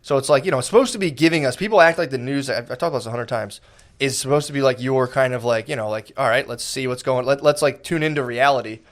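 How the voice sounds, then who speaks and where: A man's voice: medium pitch, quick pace. A man co-hosting a podcast, telling rambling, profane stories in casual banter and laughing as he talks. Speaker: podcast co-host.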